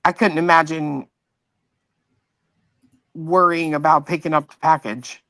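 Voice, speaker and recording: A woman co-hosting a casual chat, relaxed and drawling with many likes. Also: low-pitched, measured pace, no echo.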